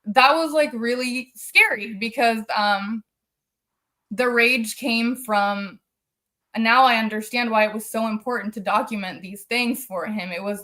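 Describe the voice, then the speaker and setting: A woman's voice: medium pitch, fairly bright tone. A woman, a guest on a live stream, telling a personal story in an earnest, emotional way and circling back over the details. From United States.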